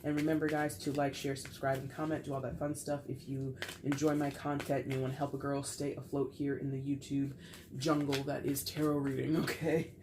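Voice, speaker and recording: A woman's voice: extremely low pitch, little pitch movement, a little fast, noisy background. A woman giving a casual tarot reading to camera, chatty and playful with frequent laughter, while getting over a cold. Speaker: tarot reader.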